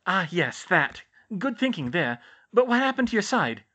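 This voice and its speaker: A man voicing a brisk, motherly middle-aged school nurse in an audiobook, fussing and exclaiming quickly. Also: high voice, sing-song, pushed and bright, pitched above the performer's own voice, full character voice. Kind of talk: audiobook character voice.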